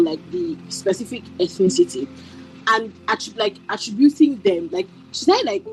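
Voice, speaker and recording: A woman's voice: on the high side, rough recording. A woman in a book club discussion, speaking hesitantly with many fillers and apologies. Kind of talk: casual discussion.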